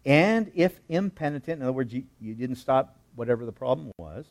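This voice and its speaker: A man's voice: medium pitch, a little fast. A man preaching a sermon, teaching through a Bible passage verse by verse and acting out the characters' lines with sarcasm and frequent chuckles. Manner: animated, voices the scripture characters with sarcasm; chuckles often while teaching. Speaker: pastor.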